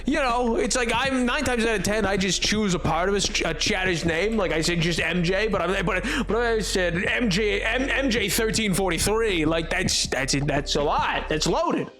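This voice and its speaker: A man with a noticeably high voice rambles and jokes as he chats with his viewers during a gaming livestream. Faint music plays quietly behind him. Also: normal speed, few pauses. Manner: rambling, joking, chatting with viewers. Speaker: streamer. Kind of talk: casual livestream chat while gaming.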